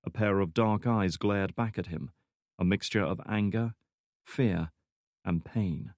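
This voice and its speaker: Reading from a script, a lowish-voiced man narrates a thriller audiobook in calm, even tones. The studio audio is clean and free of echo.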